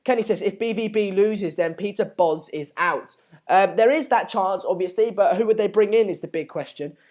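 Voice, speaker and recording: A man's voice: sits high, moderate pace, a little mellow. A young man hosting a casual live stream, reading out viewer comments in a hesitant, rambling way with many fillers.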